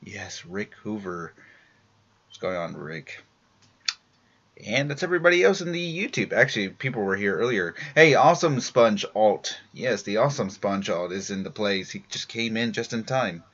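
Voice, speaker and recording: Worn-out male stream host, rambling and filler-heavy, low-ish voice, muffled lo-fi sound. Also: animated, normal speed, a bit bright. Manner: rambling, many fillers and restarts. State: tired after a long workday. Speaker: live-stream show host. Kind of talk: casual live-stream shout-outs. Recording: dull lo-fi home stream audio.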